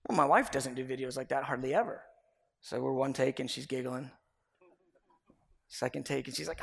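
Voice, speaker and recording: A middle-aged man preaching a confessional sermon as pastor, earnest and swinging between loud and hushed. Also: mid-range voice, fairly quick, creaky, long pauses, slightly rough. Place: church sanctuary. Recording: echoey hall with long reverb.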